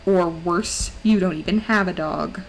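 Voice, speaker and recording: A woman's voice: on the low side, measured pace, soft background music, poor audio. A woman streamer chatting casually and giggling, often baby-talking to her dog. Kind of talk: casual chat.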